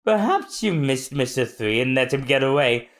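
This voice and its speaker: Man doing a lowered, gruff villain agent, slow and lively. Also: natural voice. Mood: gruff, interrogating. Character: brash male villain agent.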